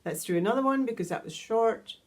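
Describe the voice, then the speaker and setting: A woman teaching a guided vocal toning lesson, calmly explaining each step and singing long vowel tones. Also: on the high side, a little fast. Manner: calm, instructive, demonstrates sustained vowel tones. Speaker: sound healing teacher.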